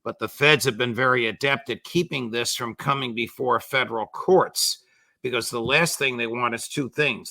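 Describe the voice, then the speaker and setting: Older guy, ex-judge, gravelly bright voice, dry close sound, sounds fed up with the government. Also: medium pitch, dry recording. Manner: indignant, measured, sarcastic asides. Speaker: former judge and commentator. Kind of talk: political commentary interview.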